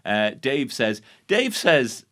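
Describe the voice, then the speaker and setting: A man's voice: medium pitch, big pitch swings, takes it slowly, a bit bright. A man with an Irish accent hosting a podcast, recapping a baking show in a sarcastic, sweary, mock-outraged monologue. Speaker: podcast host. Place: podcast studio.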